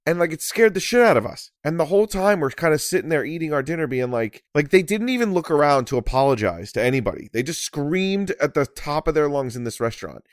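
A man's voice: on the high side, big pitch swings, fast talker, few pauses, dry recording. Young man, podcast co-host, exasperated casual rant, swears a lot, dry close sound.

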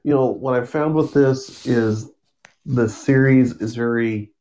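Man co-host for a comic podcast, relaxed rambling recap, mid-pitched voice. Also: unhurried. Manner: rambling summary with fillers and laughs, acting out quotes. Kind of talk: casual comic book recap.

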